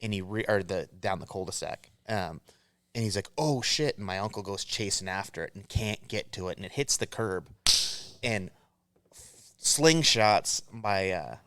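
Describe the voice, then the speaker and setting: A man's voice: low-pitched, moderate pace, a bit bright, a little hiss or hum. A man co-hosting a podcast, telling a rambling, profane story in casual chat, laughing as he goes. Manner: rambling storyteller, swears freely, laughs a lot. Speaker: podcast co-host.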